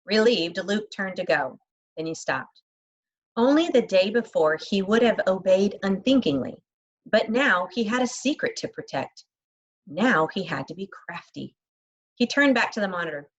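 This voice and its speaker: Reading a children's novel aloud, a woman with a medium-pitched voice speaks at normal speed, expressively and lightly voicing the characters. She adds chatty asides to the listener, and the audio quality is poor.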